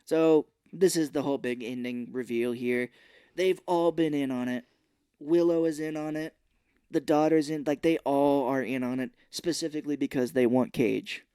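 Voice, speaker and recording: A man's voice: a little high, moderate pace, clear, resonant tone, dry recording, clean studio sound. Man animatedly recapping a movie. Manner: animated storytelling, acts out scenes. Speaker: podcast co-host. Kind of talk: casual movie recap chat.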